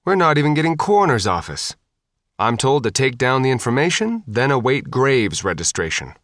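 A man's voice: mid-range voice, big pitch swings, normal speed, a bit bright, dry recording, clean studio sound, voice pushed up. A man narrating an audiobook, voicing a world-weary, cynical male soldier. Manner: clipped, disgusted, world-weary.

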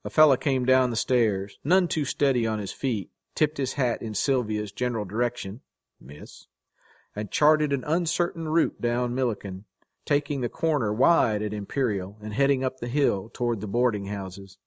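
A man reading a short story aloud as its narrator, in a measured, dramatic way. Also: medium pitch, no room sound, studio quality. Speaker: story reader. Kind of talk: scripted narration.

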